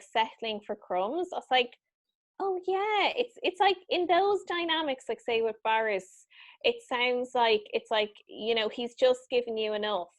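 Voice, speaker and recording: A woman, a podcast guest, chatting in a frank, wry and sympathetic way with blunt slang. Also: on the high side. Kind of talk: casual chat.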